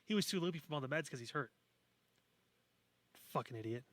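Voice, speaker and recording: A man's voice: fairly high pitch, animated, fairly quick, a bit bright. A man co-hosting a podcast in casual chat, blunt and sarcastic, with frequent swearing. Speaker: podcast co-host.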